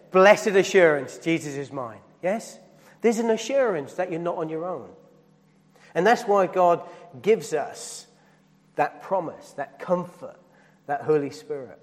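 High-voiced man preaching in a reverberant hall. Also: animated, a little slow. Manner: preaching with rising emphasis and direct questions to the congregation. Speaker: pastor. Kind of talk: sermon. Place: church hall.

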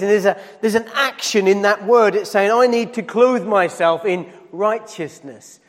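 A man's voice: sits high, unhurried, hardly any pauses, big-room sound. A man preaching a sermon as pastor, putting questions to the congregation and building emphasis as he goes. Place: church hall.

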